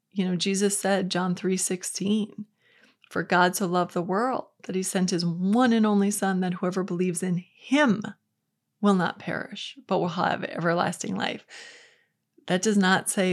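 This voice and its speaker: A woman hosting a faith podcast, giving an earnest, conversational Bible teaching with quotes acted out. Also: lowish voice. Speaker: podcast host.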